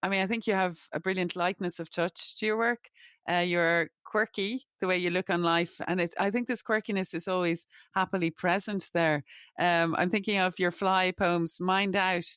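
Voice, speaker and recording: A woman host with a smooth, resonant voice, a little low in pitch, interviewing a guest on a radio books show. She talks with enthusiasm and praise. The sound is close and dry. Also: fairly even intonation, moderate pace, fairly bright tone, no echo. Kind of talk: interview hosting.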